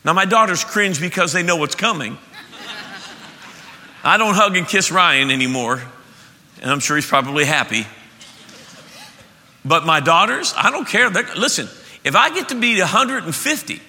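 A man preaching a sermon as pastor, emphatic and animated, often restarting his sentences. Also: high-pitched, moderate pace, long pauses. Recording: echoey hall.

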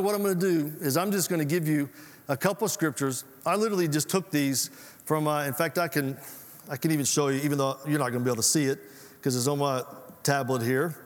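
A man preaching in a folksy, chatty way, throwing questions back at his congregation. His voice sits a little higher than most men's. The sound rings with the long reverb of a church hall. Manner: folksy, conversational preaching with audience call-outs. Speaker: pastor. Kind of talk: sermon.

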